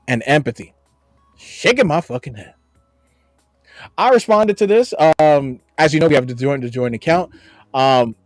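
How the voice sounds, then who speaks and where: A man's voice: on the high side, dry recording, clean studio sound. A man from the United States co-hosting a podcast, reacting to viewer comments in a blunt, profane, sarcastic way. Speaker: podcast co-host.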